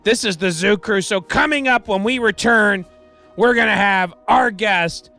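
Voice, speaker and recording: A radio DJ man with a high, bright, sharp voice, talking into a studio mic with faint music playing underneath. He rambles wryly between song credits, tossing off deadpan asides and restarting his sentences as he goes. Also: a little slow, gravelly. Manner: wry, digressive, self-deprecating, with restarts and deadpan asides. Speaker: radio DJ and host. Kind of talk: rambling casual radio DJ patter.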